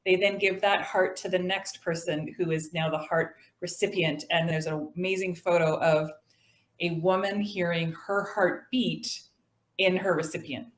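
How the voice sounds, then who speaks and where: A woman with a fairly low voice explains things earnestly and plainly. Her voice comes through a video call from a room with a noticeable echo. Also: fairly even intonation, moderate pace. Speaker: trivia player, living liver donor.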